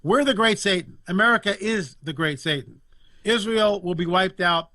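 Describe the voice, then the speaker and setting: An indignant man holds forth as a guest commentator, hammering points home with repetition. His voice sits a little high and comes across bright and forceful. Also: moderate pace. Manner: emphatic, indignant, repeats phrases for effect. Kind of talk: impassioned political talk.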